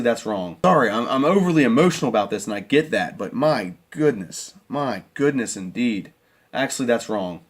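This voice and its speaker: A man reviewing a football game in an emotional, exasperated rant, often repeating himself. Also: mid-range voice. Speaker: sports fan commentator.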